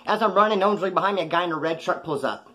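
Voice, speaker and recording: Man, middle-aged, ex-convict, rapid, slightly high voice, profane, rambling street slang. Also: bright, forceful tone. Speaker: ex-convict storyteller. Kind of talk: casual crime storytelling.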